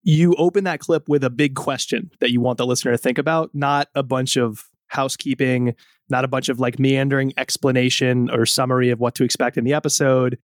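A man's voice: mid-range voice, fairly even intonation, fairly quick, no echo, clean studio sound. A man hosting an interview in an upbeat, joking way. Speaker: interviewer host. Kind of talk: interview conversation.

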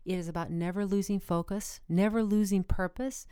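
A woman's voice: medium pitch, steady tone, moderate pace, warm tone, clean tone, dry recording, clean studio sound. A woman speaking earnestly as a podcast guest, encouraging listeners. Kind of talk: motivational podcast conversation.

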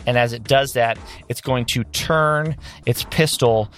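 A man's voice: medium pitch, unhurried, fairly bright tone. A man running a tabletop game as game master, narrating the action and teasing his players.

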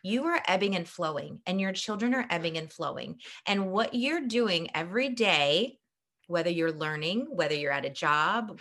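A woman's voice: fairly low pitch, fairly bright tone. A woman who is a guest on a podcast interview, talking in an earnest, encouraging and reflective way. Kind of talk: casual interview chat.

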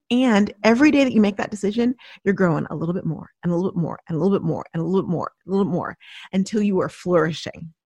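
A middle-aged woman delivers a motivational monologue as a podcast host, her pitch swooping up and down as she drives each point home. She slips into little acted voices for the doubts she quotes. The sound is close and dry, with no room around it. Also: dry recording. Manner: animated, acts out inner voices and quotes.

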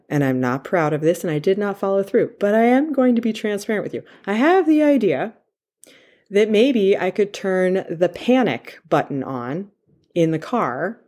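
A woman's voice: mid-range voice, very animated, unhurried, a little mellow. Candid woman telling a personal story. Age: 40s. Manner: candid and confessional, with frequent fillers.

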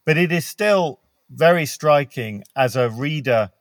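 A British man hosting an interview, asking thoughtful, measured questions. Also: on the high side, expressive, no echo, clean studio sound. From Britain. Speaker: interview host.

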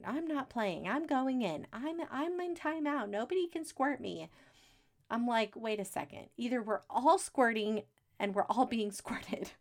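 A woman, hosting a podcast in a chatty, upbeat way with folksy asides and frequent laughs. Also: mid-range voice. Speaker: podcast host. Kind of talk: casual solo podcast talk.

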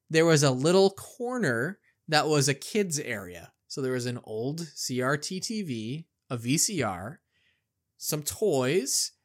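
A middle-aged man co-hosting a podcast, telling a childhood story in a casual, animated way and acting out the quotes. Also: a little high. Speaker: podcast co-host.

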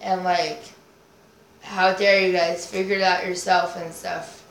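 A woman's voice: lowish voice, flat delivery, measured pace. A woman guest on a podcast, chatting casually in a rambling way, swearing and making up nonsense words. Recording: roomy echo, faint noise.

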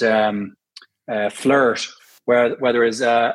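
A man's voice: mid-range voice, fairly even intonation, a little slow, a bit bright. A middle-aged Irish man with a slightly mixed accent, chatting as a guest in an interview, laughing easily and explaining with examples. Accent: Irish, mixed with London and American. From Ireland. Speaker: actor, guest. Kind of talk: casual interview chat.

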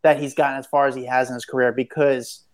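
A man's voice: medium pitch, flat delivery, quick pace. A man co-hosting a podcast, speaking bluntly in casual talk and repeating himself for emphasis. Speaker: podcast co-host. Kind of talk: casual chat.

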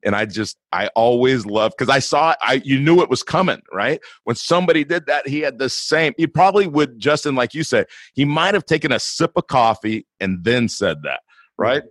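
A man's voice: mid-range voice, expressive, moderate pace, a bit bright, no room sound. A man hosting a podcast in a casual, earnest and enthusiastic way. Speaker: podcast host.

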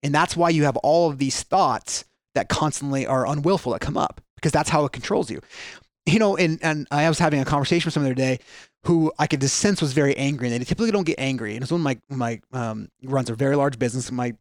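A man's voice: mid-range voice, quick pace, no echo, clean studio sound. A man explaining ideas earnestly in a podcast conversation, with frequent restarts and fillers.

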